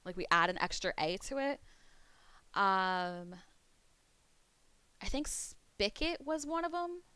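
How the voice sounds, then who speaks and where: A woman from Pennsylvania streaming, chatting casually with viewers in a rambling way, swearing freely and a bit hoarse from losing her voice. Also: medium pitch, big pitch swings, takes it slowly, bright, forceful tone, dry recording.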